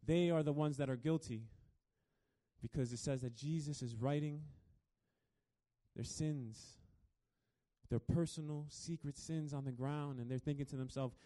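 Male pastor, slightly high voice, dramatic storyteller, hushed-to-loud sermon delivery. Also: fairly even intonation, measured pace. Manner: dramatic storytelling, swings between soft and loud.

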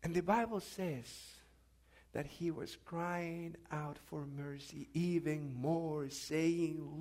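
A man preaching a sermon, swinging between loud, urgent outbursts and hushed asides, and asking the congregation questions. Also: on the high side, steady tone, takes it slowly. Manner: asks the congregation questions and has them repeat.

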